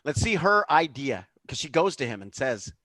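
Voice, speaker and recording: A man with a mid-pitched, animated voice retells film scenes and teases his co-host. He jokes around in a friendly way. The sound is dry and close, like a video call. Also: moderate pace, no room sound. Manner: playful, teasing, retells scenes. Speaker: podcast co-host. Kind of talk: casual movie chat over drinks.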